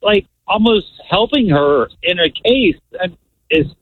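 A man calling a radio show, talking in an excited, indignant way with repeated words. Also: high voice, unhurried, husky. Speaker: caller. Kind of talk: phone-in chat. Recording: tinny phone line.

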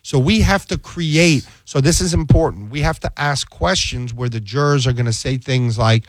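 A man's voice: a little high, moderate pace, few pauses, dry recording. A man who is a defense attorney, telling a courtroom story in a casual interview. He acts out the dialogue he quotes, restarts often and keeps checking that the listener follows.

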